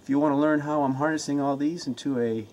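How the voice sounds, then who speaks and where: A man's voice: a little high, steady tone, fast talker, darkish tone, lo-fi sound. A man giving a casual self-help talk to the camera from his home, earnest and pumped up, often restarting and repeating his words. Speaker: motivational vlogger.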